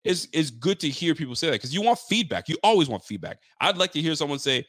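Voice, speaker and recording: A young man hosting a casual sports podcast, telling stories with lively mimicked quotes and loose slang. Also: fairly high pitch, quick pace, no room sound, clean studio sound. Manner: loose street slang and swearing. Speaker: podcast host. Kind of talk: casual sports talk chat.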